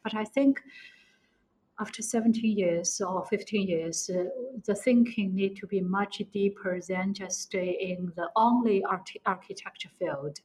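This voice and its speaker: A woman's voice: mid-range voice, a little mellow, rough recording. Woman with a Chinese accent. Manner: non-native English, halting with restarts, laughs often. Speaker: architect, interview guest. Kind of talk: conversational interview answer.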